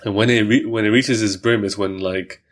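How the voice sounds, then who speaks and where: A male podcast host with a fairly low voice and fairly even intonation talks at an ordinary pace. The conversation is casual and thoughtful, thick with fillers and worked examples.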